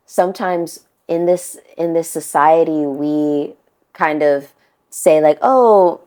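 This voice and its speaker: A woman co-hosting a podcast in casual chat, blunt and animated, swearing freely. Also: low-pitched, slow. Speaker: podcast co-host.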